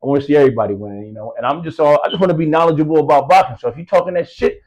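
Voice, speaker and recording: A man's voice: fairly high pitch, very fast, a little mellow, dull audio. A man giving casual boxing commentary, rambling with lots of fillers and street slang, from the US East Coast. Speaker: boxing news vlogger.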